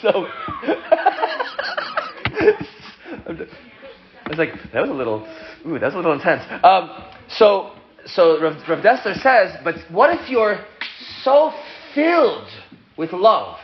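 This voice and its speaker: A man teaching an informal Torah lesson, his voice sitting a bit high and swinging widely as he explains. He is playful and chatty with his students. The sound is dull and lo-fi with a faint hiss behind him. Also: wildly swooping pitch, slow. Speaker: rabbi teaching a class.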